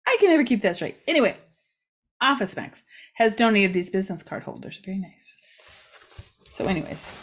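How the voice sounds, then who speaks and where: A woman's voice: medium pitch, big pitch swings, normal speed, pauses often, a bit bright. Middle-aged lady doing a rambly local news update, lots of ums, easygoing. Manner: chatty, rambling with many fillers. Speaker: local news site host. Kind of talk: casual community update.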